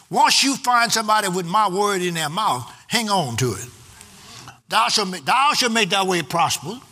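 High, bright-voiced preacher exhorting the congregation. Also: male voice. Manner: exhorting with call-and-response to the congregation; reads scripture aloud in a slow, stressed cadence. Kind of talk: sermon. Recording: long hall reverb.

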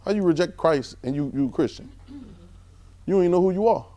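A man preaching an informal, conversational sermon, repeating phrases and swinging between loud and soft. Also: a little high, expressive, fairly quick.

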